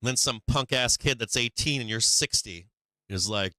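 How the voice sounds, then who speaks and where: A man's voice: medium pitch, normal speed, pushed and bright, dry recording. A man hosting a stock market live stream, ranting bluntly and profanely in a casual, preachy way with frequent laughs.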